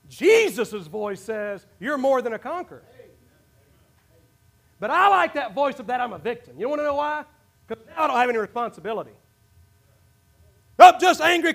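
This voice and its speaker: High-voiced pastor preaching a sermon. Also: male voice. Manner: builds to shouted, preaching climaxes.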